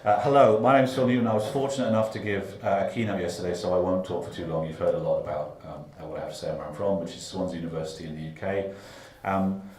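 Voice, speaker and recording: A man on a conference panel introducing himself, measured and thoughtful with many fillers. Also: low voice, steady tone, darkish tone, far from the mic. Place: big conference room. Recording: echoey conference room.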